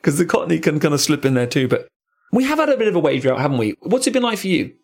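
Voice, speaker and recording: A man's voice: fairly high pitch, big pitch swings, quick pace, gravelly. A man hosting a podcast in casual chat, rambling and musing with frequent asides. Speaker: podcast host.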